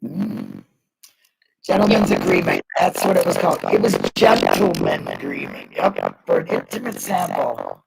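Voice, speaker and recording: A woman's voice: a bass voice, wildly swooping pitch, a little slow, gravelly, very noisy. A woman co-hosting a livestream in casual chat, rambling and joking and laughing often. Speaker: co-host of a livestream.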